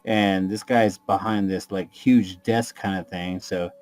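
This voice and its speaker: Slow low-voiced man narrating his character. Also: fairly even intonation, a little mellow, soft background music. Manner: unhurried, rambling narration with sound effects. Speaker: player. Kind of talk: narrating his character's actions in a tabletop game.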